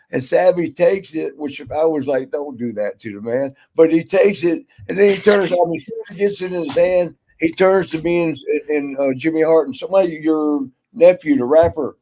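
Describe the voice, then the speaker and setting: A man's voice: on the high side, fairly even intonation, a little fast, warm tone. An older man, a guest on a casual chat show, rambling through a story and acting out what people said. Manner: rambling storyteller, acts out quotes. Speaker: guest, former wrestler.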